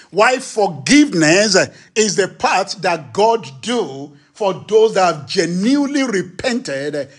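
Preacher guy, pretty high voice, punchy sermon, lots of rhetorical questions. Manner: emphatic, rhetorical questions, acts out quotes.

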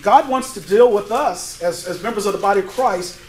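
A man with a fairly high voice leads a Bible sermon in a conversational way. He reads scripture aloud and pauses for the congregation to call out the missing words. The sound is roomy, with a faint hiss underneath. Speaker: pastor. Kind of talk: interactive Bible teaching sermon. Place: church sanctuary. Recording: echoey church room, faint noise.

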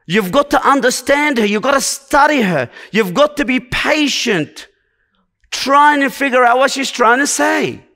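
A high-pitched man delivering a sermon at an unhurried, deliberate pace. He preaches earnestly, stacking short repeated commands to press each point home. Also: expressive, sharp tone.

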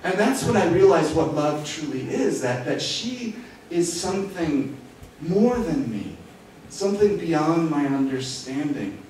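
A man's voice: a little high, sing-song, a little slow, hardly any pauses, a little mellow. A man telling a self-mocking story on stage, acting out the quoted lines as he goes. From United States. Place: theater stage. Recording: echoey theater from far off, noisy.

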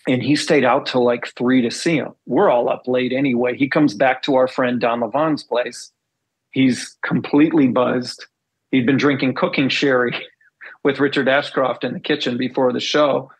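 A middle-aged man, a former band bassist, telling stories in a casual interview and acting out the dialogue he recalls. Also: normal speed, breathy edge, poor audio. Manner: animated storyteller, acts out quoted dialogue.

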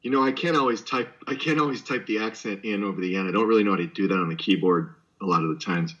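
A man's voice: on the low side, quick pace, fairly bright tone, muffled recording. A man bantering as a scene partner on a call, teasing with profane mock anger and playful jokes. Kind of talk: joking improvised banter.

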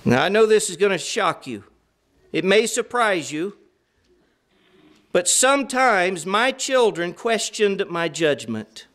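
A man's voice: sits high, big pitch swings, slow pace, fairly bright tone. A middle-aged man preaching a sermon in an earnest, conversational way, stressing points through repetition.

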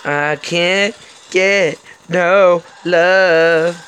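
A man putting on a laid-back, goofy dude voice with a slow drawl. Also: a little high, fairly bright tone, a little hiss or hum, full character voice.

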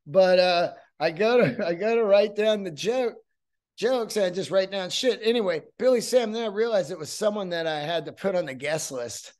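A man's voice: high-pitched, moderate pace, a little mellow. A man hosting a solo podcast, talking in a loose, rambling, profane monologue. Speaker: podcast host and comedian.

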